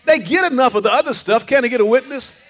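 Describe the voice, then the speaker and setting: A man's voice: extremely high pitch, fast. An older man preaching a sermon, fervent, with call-and-response lines and repeated words. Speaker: pastor.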